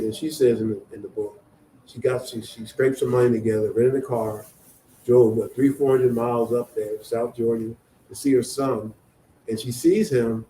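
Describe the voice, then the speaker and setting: A man with a mellow, relaxed voice tells a story at a book event, slipping into the voices of the people in it. He is picked up in an echoey room with a faint hiss of noise behind him. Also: mid-range voice. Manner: animated storyteller acting out quoted dialogue. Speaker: author. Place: event venue.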